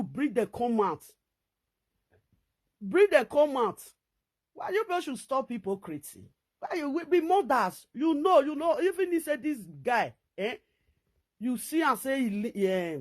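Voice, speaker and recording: A middle-aged woman with a Nigerian Pidgin accent, ranting to camera in a scolding, repetitive, animated way as a vlogger. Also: a little high.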